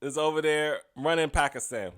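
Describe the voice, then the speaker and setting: A man's voice: fairly high pitch, moderate pace, a bit bright, clear, resonant tone. A comedian and podcast host giving a casual comedic monologue. He is chatty and often laughs at his own jokes.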